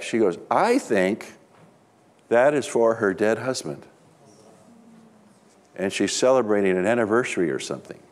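Animated storytelling male pastor. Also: lowish voice. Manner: animated storyteller, acts out dialogue. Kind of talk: sermon with storytelling.

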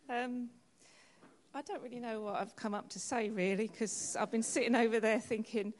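A woman's voice: a little high, slight background noise. A woman giving a reflective, conversational testimony to a church congregation, speaking straight to the listeners. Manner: conversational and reflective, addresses the crowd directly.

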